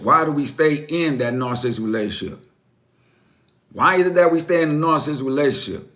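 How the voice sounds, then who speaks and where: A man speaks in a fairly high voice, delivering an impassioned live-stream monologue to his viewers. He is direct and preachy, addresses them as folks, and drives each point home by saying it twice. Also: fairly bright tone. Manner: emphatic and repetitive, repeats phrases for effect. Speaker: host of a live stream on narcissistic abuse.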